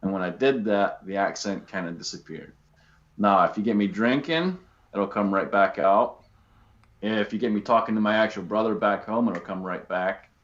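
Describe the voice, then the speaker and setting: A man's voice: on the low side, normal speed, muffled recording. A man in his thirties from Scotland with a Southern Georgia accent, a podcast guest speaking in a laid-back, matter-of-fact way. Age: 30s. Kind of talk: casual interview.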